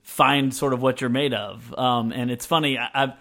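A man's voice: mid-range voice, fairly even intonation, moderate pace, creaky, fairly bright tone. A man hosting a podcast, chatting casually with a guest and reacting with short laughs and agreement. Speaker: podcast host. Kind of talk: casual chat.

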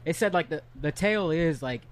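A young man with a mid-range voice tells a story among friends. His delivery is relaxed and slangy, with plenty of filler. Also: fairly high pitch, fairly quick. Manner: laid-back, slangy storytelling. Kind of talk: casual chat.

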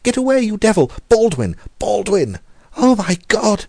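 A man voicing a middle-aged gentleman shouting in desperate panic at a savage beast, in a horror story reading. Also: high voice, very animated, measured pace, vocal fry, no room sound, pitched above the performer's own voice, heavily acted. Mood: terrified.

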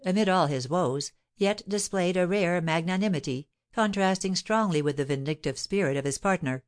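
A woman reading a novel aloud as an audiobook narrator, at a steady, even pace. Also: lowish voice, normal speed, few pauses. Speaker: audiobook reader.

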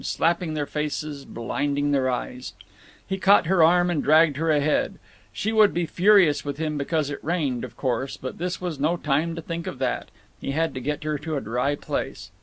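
A man reads a novel aloud in steady, measured narration. His voice sits a little high for a man and carries a gravelly rasp. The recording is dry and close. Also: no room sound. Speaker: audiobook reader. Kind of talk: scripted narration.

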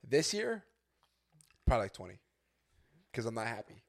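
Brief: male podcast co-host, animated up-and-down delivery, jokey interjector, says dude and bro. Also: medium pitch, moderate pace, vocal fry. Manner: laughs often, interjects, calls people dude and bro. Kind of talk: casual podcast banter.

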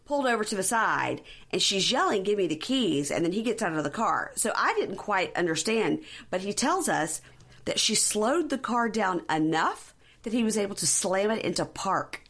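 A woman hosting a podcast, telling a reality TV story in lively casual chat and acting out the quotes. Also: medium pitch, moderate pace. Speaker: podcast host.

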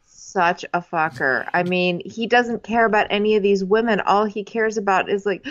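A woman co-hosts a comedy podcast, teasing her partner with dry sarcasm. Her voice sits at an ordinary pitch. The remote line makes her sound dull and lo-fi. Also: moderate pace. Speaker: podcast co-host. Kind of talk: casual comedic chat.

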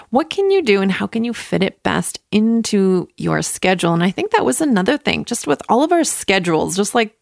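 A woman's voice: medium pitch, sing-song, fairly quick, creaky, few pauses, no room sound, clean studio sound. A woman in her thirties hosting her own podcast from home, chatting upbeat and acting out her own thoughts as she talks. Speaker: podcast host. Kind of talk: casual solo podcast talk.

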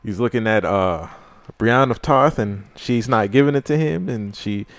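A man co-hosting a podcast, chatting casually and retelling scenes in an animated way. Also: mid-range voice, moderate pace, no room sound. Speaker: podcast co-host. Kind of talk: casual chat.

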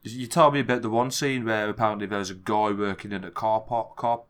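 A man co-hosting a casual movie podcast, giving short reactions and swearing when he gets excited. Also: fairly low pitch, a little fast. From England. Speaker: podcast co-host. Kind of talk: casual movie review chat.

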